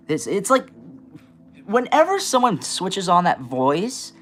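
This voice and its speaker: A man hosting a live stream, ranting in an animated, passionate way and stuttering and restarting often. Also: high-pitched, a little slow, faint music behind. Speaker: live stream host giving readings. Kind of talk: casual live-stream rant. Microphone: camera mic, moves the camera around.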